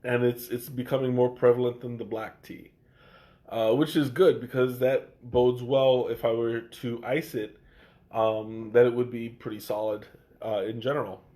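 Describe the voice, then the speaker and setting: A man tasting tea on a live stream speaks flatly at a medium pitch and moderate pace, his tone dark and his voice congested. He chats casually yet hesitantly, with frequent fillers and restarts.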